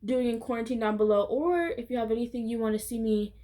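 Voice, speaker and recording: A woman YouTuber chatting casually to camera in a vlog, rambling from thought to thought with a steady stream of "like" fillers. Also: a little high, quick pace. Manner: rambling, heavy use of "like" fillers.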